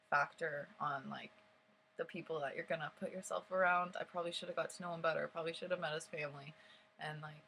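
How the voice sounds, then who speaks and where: A woman's voice: low voice, creaky. A young woman telling a story vlog-style, rambling with lots of "like" fillers and getting emotional as she recounts. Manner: emotional and animated while recounting. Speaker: vlogger.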